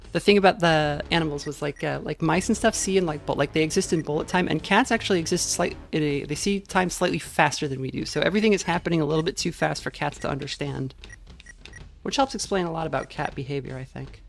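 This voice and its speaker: A woman's voice: sits low, fast, creaky. Rambling chatty woman streaming a game. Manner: rambling, chatty, many fillers and tangents. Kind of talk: casual gameplay commentary. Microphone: dynamic USB microphone. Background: faint game music.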